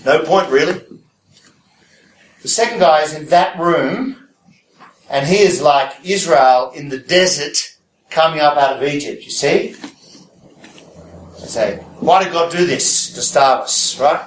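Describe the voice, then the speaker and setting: A man's voice: fairly high pitch, measured pace, long pauses, roomy sound, recorded from a distance, slight background noise, poor audio. A man preaching a conversational sermon, often checking in with his listeners through rhetorical questions.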